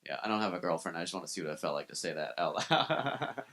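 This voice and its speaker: Low-voiced man doing profane stand-up. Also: big pitch swings, quick pace, a bit bright. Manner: self-deprecating, profane, conversational. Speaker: stand-up comedian. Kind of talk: live stand-up set. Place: comedy club stage.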